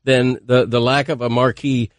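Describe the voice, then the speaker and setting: Measured male columnist on sports radio. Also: mid-range voice, flat delivery, dry recording. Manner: measured, explanatory, makes points methodically. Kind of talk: casual sports talk. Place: radio studio.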